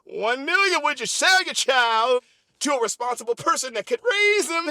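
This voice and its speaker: A man hosting an improvised comedy podcast, telling a story in an animated, repetitive way. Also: very high-pitched, moderate pace. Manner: animated, repetitive, laughs often. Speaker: podcast host.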